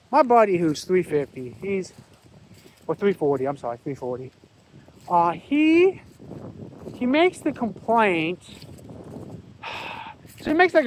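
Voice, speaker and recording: Blunt high-voiced man rambling outdoors. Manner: blunt, profane, rambling with restarts. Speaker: vlogger. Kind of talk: casual rambling vlog talk. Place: outdoors at a windy park, walking a dog. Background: wind and faint outdoor noise.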